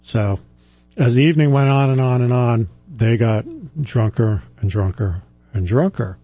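A man's voice: mid-range voice, moderate pace, dark tone, slightly rough, dry recording, soft background music. A man hosting a radio show, telling a rambling, self-deprecating story in a casual way with frequent chuckles. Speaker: radio show host and retirement planner.

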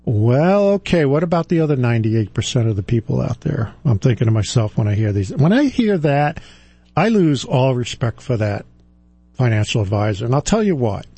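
Mellow, halting man in his sixties. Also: mid-range voice, sing-song, slightly rough, no room sound. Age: 60s. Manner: halting, with frequent fillers and restarts. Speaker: financial advisor. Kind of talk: reflective personal talk.

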